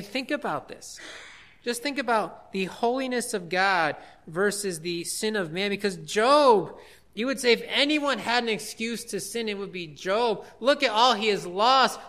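Male preacher, high and bright, unhurried, emphatic sermon delivery. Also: expressive. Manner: emphatic, rising to loud declarations.

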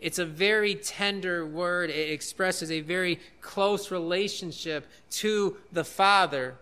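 A man's voice: high voice, measured pace, pushed and bright, smooth. A man preaching a sermon in an earnest way, repeating key phrases for emphasis.

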